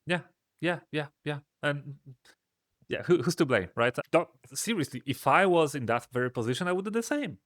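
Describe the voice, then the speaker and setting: A man's voice: on the high side, animated, moderate pace, dry recording, clean studio sound. Hesitant male guest from Poland. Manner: thoughtful, hesitant, frequent restarts. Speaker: guest, software company founder. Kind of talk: casual business chat.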